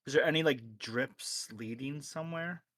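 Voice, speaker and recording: A man's voice: medium pitch, moderate pace, fairly bright tone. A man playing a tabletop game, asking the game master questions. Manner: inquisitive, asks questions. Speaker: player. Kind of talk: casual tabletop play.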